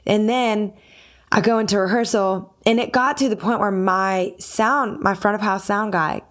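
A podcast host and singer tells a personal story in casual conversation, voicing her own quoted lines with animated delivery. She speaks at normal speed in a medium-pitched voice.

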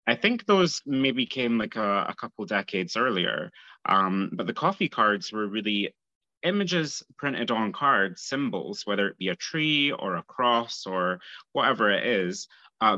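A Scottish man with a lowish voice that still sounds bright and forward. He explains things in an easygoing, chatty way, recorded dry with a somewhat dull, lo-fi sound. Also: sing-song, measured pace, no echo. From Scotland. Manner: easygoing, explanatory, with light laughs. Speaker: guest fortune teller. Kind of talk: casual interview conversation.

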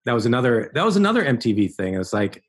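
Husky enthusiastic middle-aged man. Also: medium pitch, very animated, very fast, low-quality recording. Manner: enthusiastic, laughs often. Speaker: guest artist. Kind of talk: casual podcast chat.

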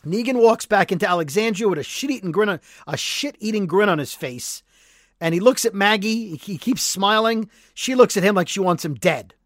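A man co-hosting a podcast, retelling a TV episode as an animated storyteller who acts out the quotes. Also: high-pitched, moderate pace, dry recording, clean studio sound. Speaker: podcast co-host. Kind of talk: casual recap chat.

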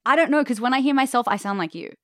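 A woman's voice: sits high, lively intonation, very fast, no room sound, clean studio sound. A woman with an Australian accent, chatting and laughing easily as a podcast guest. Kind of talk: casual chat.

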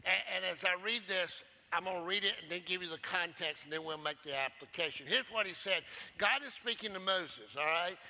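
A male pastor preaching a sermon, emphatic and repetitive, swinging from loud declarations to hushed low phrases. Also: a little fast.

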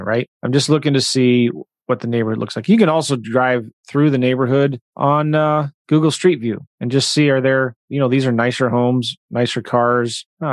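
A man with a mid-range voice leads a live online webinar coaching real estate investors. He talks energetically and emphatically yet conversationally, and there's no room sound.

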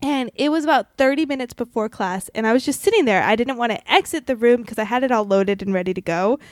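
A woman's voice: fairly high pitch, fast talker, no room sound. A woman who teaches, telling a funny story in casual chat with friends, laughing now and then. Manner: laughs while telling stories.

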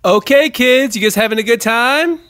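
An improv actor playing a weary children's party entertainer who coaxes the kids along. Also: male voice, very high voice, normal speed, a bit bright, no room sound, studio quality. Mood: coaxing. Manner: coaxing kid-party patter.

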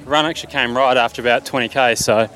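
A man from New Zealand looks back calmly on his race. He talks in a matter-of-fact way at a middle pitch, with faint outdoor noise behind him. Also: quick pace. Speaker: race finisher.

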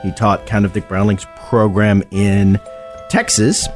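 A male comedian and voice actor chatting as an interview guest, relaxed and rambling, with many fillers. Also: lowish voice, a little slow, soft background music. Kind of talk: casual interview chat.

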